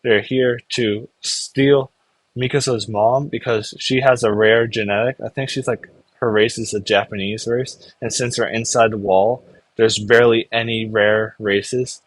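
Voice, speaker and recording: In a dry recording, an anime reviewer with a lowish voice speaks unhurriedly and with fairly even intonation. His casual episode recaps ramble along, heavy on fillers and "like," with short bits where he acts out characters' dialogue.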